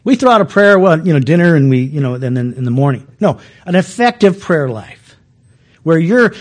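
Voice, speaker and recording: Animated male preacher, many restarts. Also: on the high side, normal speed. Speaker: pastor. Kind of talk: sermon.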